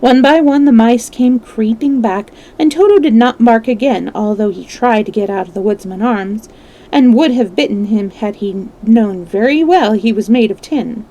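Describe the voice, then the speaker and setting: A woman reading a children's book aloud in a gentle way, now and then correcting a slip. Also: a little high, normal speed, rough recording. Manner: gentle, with small slips and self-corrections. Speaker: storyteller.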